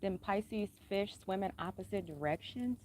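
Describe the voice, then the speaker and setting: A woman vlogging in a casual, blunt way, cussing freely and speaking pointedly with emphatic repetition, keeping her voice calm and unraised. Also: normal speed, noisy background. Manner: says she is a singer who keeps her voice calm and low-key. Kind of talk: casual personal talk to camera.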